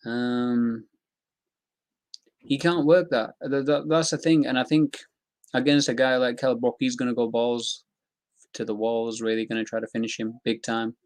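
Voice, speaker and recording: A man's voice: medium pitch, steady tone, normal speed, no echo. A young man giving casual, rambling commentary on fight news, talking loosely with slang and fillers.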